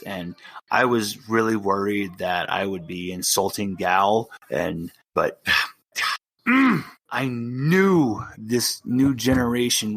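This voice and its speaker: A man running a tabletop wrestling role-play as game master, narrating and switching quickly between characters. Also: lowish voice.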